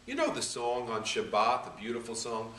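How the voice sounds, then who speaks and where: A rabbi patiently sounding out syllables one by one in a slow reading lesson. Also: male voice, medium pitch, very animated, a bit bright. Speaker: rabbi teaching Hebrew reading. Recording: echoey room, voice a bit far from the mic.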